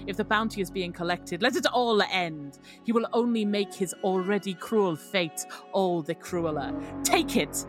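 A woman's voice: medium pitch, a little slow, music in the background, close to an everyday voice. A woman playing a furious sea spirit. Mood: bitter fury. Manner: yelling, wrathful.

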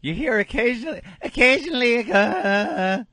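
A male radio host makes sarcastic wisecracks in a lively, bright, swinging voice. He sounds dry and close to the mic. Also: extremely high pitch, moderate pace, no echo. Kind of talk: radio talk show banter.

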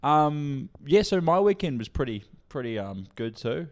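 A man's voice: a little high, big pitch swings, normal speed. A man, co-hosting a podcast in crude, rambling casual chat. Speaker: podcast co-host.

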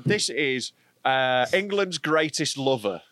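A man's voice: medium pitch, animated, slow pace, a bit bright, no room sound. A man hosting a podcast, chatting and joking casually. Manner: chatty, joking, laughs often. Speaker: podcast host.

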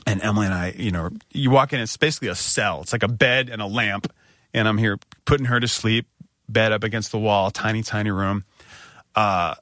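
Middle-aged guy telling a story, self-mocking, voice jumps way up when he acts stuff out, lowish and punchy. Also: fairly bright tone, no echo, studio quality. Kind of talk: casual anecdote telling.

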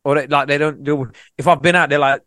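A man's voice: fairly high pitch, quick pace, dry recording, clean studio sound. A young man, a comedian telling stories in a casual chat, full of slang. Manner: animated storytelling with slang. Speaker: comedian, podcast co-host.

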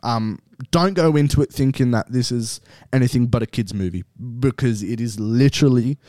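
A man's voice: mid-range voice, no echo, clean studio sound. Young man in loose sweary chat. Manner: relaxed, swears often, drawn-out phrasing. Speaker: podcast co-host. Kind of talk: casual chat.

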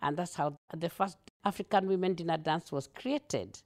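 A woman with a Kenyan accent, a guest telling her own story in an interview, earnest and animated, laughing often. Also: on the low side, moderate pace.

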